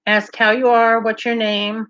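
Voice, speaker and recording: A woman's voice: on the high side, level tone, measured pace, a bit bright, clean tone, no echo, lo-fi sound. Chatty woman with a mild Kentucky lilt. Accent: mild Kentucky Southern. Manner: chatty, playful, reads out viewer comments. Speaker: livestream host. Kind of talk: casual chat with viewers.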